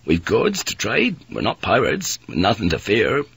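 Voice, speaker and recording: A man voicing a steady ship's pilot who speaks in a kind, level, measured way. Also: lowish voice, vocal fry, breathy edge, dry recording, heavily acted.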